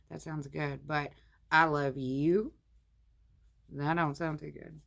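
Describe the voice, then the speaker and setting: A woman's voice: sits low, creaky, a bit bright. A woman vlogger reading a marriage book aloud into her phone and breaking off to comment in a plainspoken, homey way. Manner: plainspoken, homey, slows down on the read passages.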